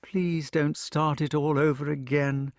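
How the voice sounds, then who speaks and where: A man reading an audiobook, voicing a proud, quick-tempered queen in a raised, scolding voice. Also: fairly high pitch, little pitch movement, no room sound, clean studio sound, pitched above the performer's own voice. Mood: pleading. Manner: sharp, scolding, teasing.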